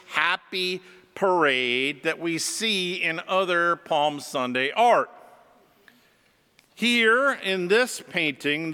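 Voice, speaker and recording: A man, a pastor, preaching a sermon and telling stories in a slow, reflective way. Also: on the high side, sharp tone, smooth, long reverb tail. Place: church.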